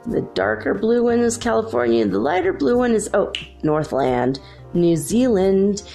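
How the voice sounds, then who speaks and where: A woman's voice: mid-range voice, expressive, unhurried, gravelly, mellow, soft background music. A woman hosting a casual solo spiritual talk from her room at home, bubbly and full of "like"s. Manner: chatty, bubbly, many "like"s. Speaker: spiritual channel host.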